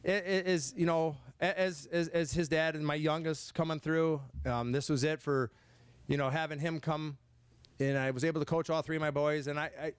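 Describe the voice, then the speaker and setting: A middle-aged man from Michigan giving an emotional, halting banquet speech as head football coach. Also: a little high, steady tone, clean tone, dry recording. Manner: emotional, halting, many restarts.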